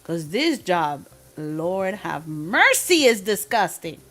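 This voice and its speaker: A woman livestreamer chatting casually with her viewers, talkative, slangy and quick to laugh. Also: lowish voice, big pitch swings, fairly bright tone.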